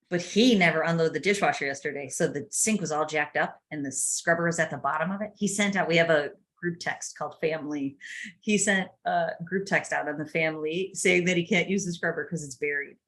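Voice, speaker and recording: A middle-aged woman hosting a podcast, telling family stories in a chatty, casual way with laughs. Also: low voice. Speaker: podcast host. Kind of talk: casual chat.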